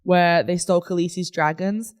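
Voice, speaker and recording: A woman co-hosting a podcast in casual chat, telling stories in a giggly, animated way. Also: fairly low pitch, moderate pace. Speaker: podcast co-host.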